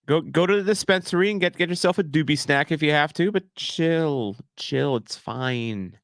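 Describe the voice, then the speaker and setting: Guy streaming a watch-along of a game, jokey and animated, voice jumps around a lot, dry mic. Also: fairly high pitch, normal speed, no echo. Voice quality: animated, jokey, shouts at near-misses. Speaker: streamer reacting to a live match. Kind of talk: casual watch-along commentary.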